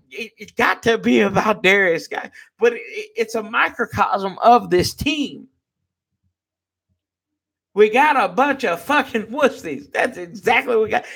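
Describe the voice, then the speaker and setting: A man's voice: sits high, creaky, a bit bright. A man hosting a sports fan show, ranting with fired-up, profane energy and talking to viewers as y'all. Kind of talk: live-stream rant.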